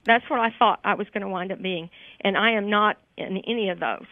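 A woman's voice: medium pitch, brisk, no room sound. Grateful woman caller on a tinny phone line. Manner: heartfelt, grateful, tearful. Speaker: radio show caller. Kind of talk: emotional phone testimonial. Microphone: telephone.

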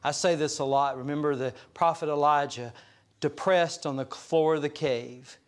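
A man with a fairly high speaking voice delivers a sermon from the pulpit. He talks in a relaxed, storytelling way, chuckling along with his own anecdotes. He turns earnest and slows down when he drives a point home. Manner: conversational, chuckles through anecdotes. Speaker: pastor. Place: church service.

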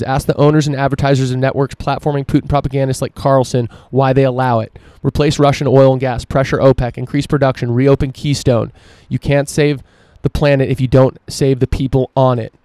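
Male podcast host, solo rant, profane and emphatic, smooth dark voice, little melody. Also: medium pitch, no echo. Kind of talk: solo opinion podcast monologue.

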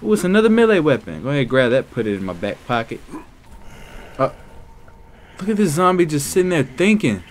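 A young man giving let's play commentary, loud and excitable, talking back to the characters on screen. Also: a little high, a little fast, pauses often, slight background noise. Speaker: gaming YouTuber.

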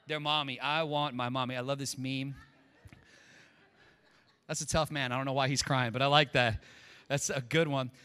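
A man's voice: fairly high pitch, pushed and bright. A middle-aged male pastor preaching a casual, joking sermon with chatty asides to his church. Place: church sanctuary. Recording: long hall reverb.

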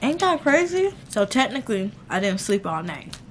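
A young woman from Georgia in the US, chatting casually to her viewers in a vlog, relaxed and slangy, calling them y'all. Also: medium pitch, normal speed, roomy sound, a little hiss or hum. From Georgia, USA. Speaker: vlogger. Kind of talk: casual vlog chat to camera. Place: hotel room.

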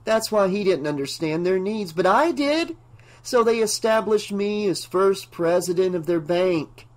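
A man reading aloud and voicing a delirious male bank clerk who talks in a calm, deferential but firm way. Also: high-pitched, unhurried, voice pushed up. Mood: dreamy, formal. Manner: dreamy, deferential yet firm.

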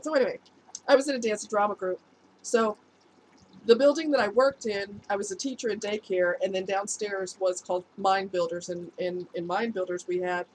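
A woman's voice: medium pitch, slight background noise, poor audio. A woman, an adult past her youth, telling a personal story to her viewers in a casual, chatty way and laughing at herself. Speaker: vlogger giving relationship advice.

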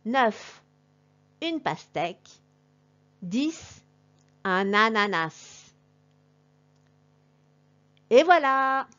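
Woman language teacher with a lively, up-and-down voice, paced very slowly for a class, on a dull lo-fi recording. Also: fairly high pitch. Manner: slow, deliberate and encouraging, like addressing a class.

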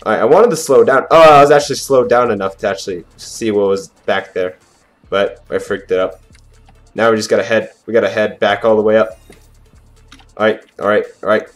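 A young man giving excitable gameplay commentary as a channel host, trash-talking and swinging from mumbles to yells. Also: on the low side, fairly quick, faint music behind.

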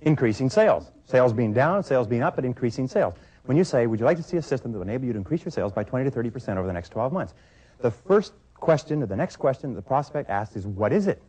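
A man's voice: medium pitch, a little mellow. A middle-aged man giving a sales training talk, coaching emphatically and acting out both sides of phone calls.

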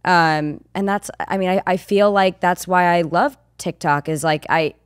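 A woman's voice: on the low side, normal speed, clear, resonant tone, no echo, studio quality. A woman in her twenties, a podcast guest chatting casually, candid and swearing freely as she rambles. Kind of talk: casual chat.

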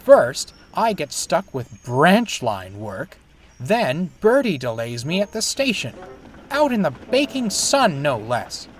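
A man's voice: a little high, wildly swooping pitch, slow pace, voice pushed up, exaggerated voice. A man voicing a vain, dramatic male steam engine who sighs and sulks theatrically, with music playing behind him. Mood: sulky. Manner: sighing, sniffy and theatrical.

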